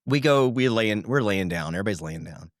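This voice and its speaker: Animated man telling a campfire story. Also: on the low side, a little fast, no room sound, studio quality. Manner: animated, laughs often, acts out sounds and quotes. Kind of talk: casual storytelling.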